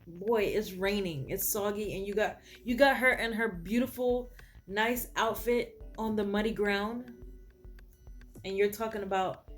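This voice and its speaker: A woman's voice: medium pitch, steady tone, unhurried, soft background music. A woman reading a story game aloud in several voices, adding sassy asides to the characters. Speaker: game streamer.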